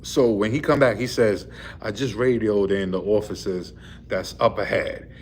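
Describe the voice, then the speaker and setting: A man's voice: lowish voice, fairly even intonation, moderate pace, darkish tone, a little hiss or hum. A man, a truck driver, casually retelling a run-in with the police, rambling and full of fillers. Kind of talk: casual storytelling vlog. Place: in a vehicle.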